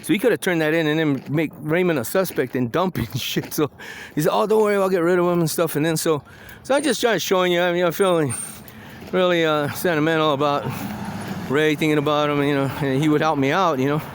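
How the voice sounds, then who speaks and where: A man's voice: on the high side, fairly quick, a little hiss or hum. A man telling rambling stories in a casual walking vlog, acting out the voices he quotes, outdoors on a hillside street. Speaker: vlogger.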